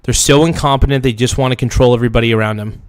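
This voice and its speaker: Man, livestream host, mocking rants, dry close mic, mid pitch. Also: steady tone, rapid-fire, dry recording. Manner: blunt, mocking, rambling asides. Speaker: streamer host. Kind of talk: livestream political commentary.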